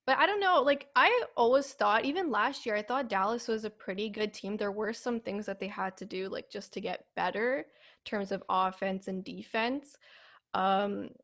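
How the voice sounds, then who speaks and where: A young woman co-hosting a casual hockey talk show, animated and hedging as she talks. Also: mid-range voice, normal speed. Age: young adult. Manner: animated, hedging with "like" and "I don't know". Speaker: co-host.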